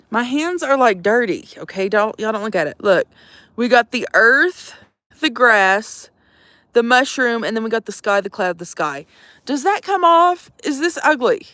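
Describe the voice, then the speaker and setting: Girl talking to her phone from her van, sassy n swearing, kinda high voice, dry close sound. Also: very animated, normal speed, pushed and bright, dry recording. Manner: swearing, teasing, sassy, addresses viewers as y'all. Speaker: vanlife livestreamer. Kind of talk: casual livestream chat.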